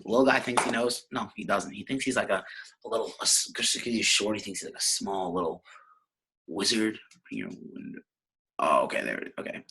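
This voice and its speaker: Husky low-voiced brash podcast host. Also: male voice, lively intonation, a little fast, bright, forceful tone. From New York. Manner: brash, profane, rambling. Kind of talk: casual podcast rant.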